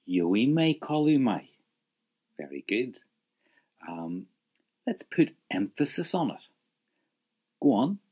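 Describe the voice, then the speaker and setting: Man, language teacher, husky voice, slow and encouraging, lively pitch. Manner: patient, encouraging, prompts the listener to repeat. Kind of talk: spoken language lesson with drills.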